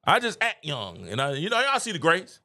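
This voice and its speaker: A middle-aged man hosts a live-stream show, ranting casually to his viewers with his opinions. He's animated and preachy, repeating phrases for emphasis in a fairly high, gravelly voice at a brisk pace.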